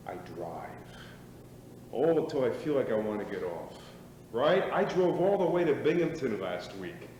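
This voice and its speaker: An actor playing a swaggering, reckless ex-jock. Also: male voice, on the low side, warm tone, lightly acted. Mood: restless. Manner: swaggering, rambling, prods listeners with "right?" and "boy". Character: reckless boastful middle-aged ex-athlete, bored and restless. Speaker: stage actor. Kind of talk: live stage play acting. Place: small theater stage. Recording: echoey theater stage, distant mic, noisy.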